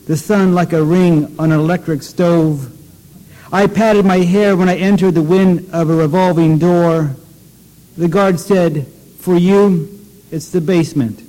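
A man giving a poetry reading, wry and measured, with offhand asides between poems. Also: a little high, warm tone. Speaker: poet. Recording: long hall reverb.

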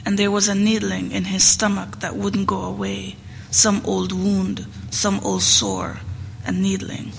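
A woman reading literary fiction aloud in a hall, measured and rhythmic. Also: mid-range voice, gravelly. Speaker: reader. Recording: long hall reverb, faint noise.

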